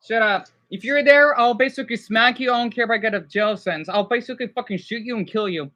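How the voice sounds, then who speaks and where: Stressed and overwhelmed, a man reacts on his livestream in a rambling, agitated way, stammering, starting sentences over and apologizing repeatedly. He speaks quickly in an extremely high, bright and forceful voice.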